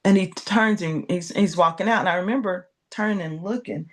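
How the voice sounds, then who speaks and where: A woman's voice: fairly low pitch, fairly quick. A woman in her fifties telling a personal story as an interview guest, acting out quoted dialogue. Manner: animated, acts out quoted dialogue. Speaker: guest entrepreneur.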